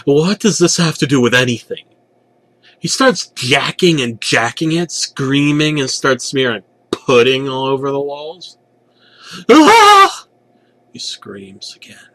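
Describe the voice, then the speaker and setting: A man's voice: medium pitch, measured pace, fairly bright tone, no room sound. Sarcastic male comedic horror narrator. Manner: sarcastic, profane storytelling.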